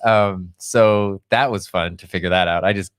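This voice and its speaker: A man's voice: low-pitched, fairly even intonation, normal speed, dry recording, clean studio sound. A man co-hosting a casual podcast, a teacher who chats loosely and laughs often at his own stories. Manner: laughs often, chatty and self-deprecating. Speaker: podcast co-host. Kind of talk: casual chat.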